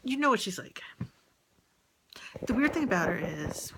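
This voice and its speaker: A woman rambling and venting in a personal audio diary, often halting and trailing off mid-thought. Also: fairly low pitch, very animated, a bit bright, slight background noise. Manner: venting about a relative.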